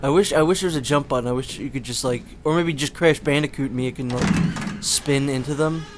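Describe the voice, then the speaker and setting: A young man offers casual let's play commentary on a video game as he plays, chatty and rambling and full of filler words. His voice is medium-pitched and fairly quick, with heavy background noise.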